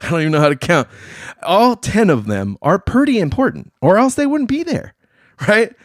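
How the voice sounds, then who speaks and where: A man hosting a casual talk show, talking in slang and acting out other people in quick voices. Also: high voice, sing-song, dry recording, studio quality. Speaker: podcast host. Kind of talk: casual chat.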